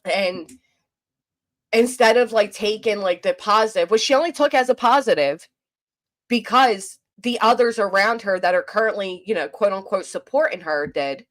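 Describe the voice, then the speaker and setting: A woman's voice: medium pitch, normal speed, a bit bright. A woman hosting a commentary livestream, venting in an exasperated, rambling way with frequent restarts and reading chat aloud. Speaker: commentary channel host.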